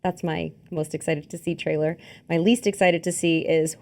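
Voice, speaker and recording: A woman's voice: low voice, fairly even intonation, normal speed, darkish tone. A woman co-hosting a film podcast in casual chat, telling stories animatedly with acted-out quotes and lots of fillers. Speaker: podcast co-host. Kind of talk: casual chat about films. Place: studio filmed with two cameras.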